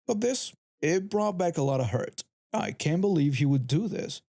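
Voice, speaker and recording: A man giving a steady, scripted first-person narration of a story. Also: a little high, moderate pace, gravelly.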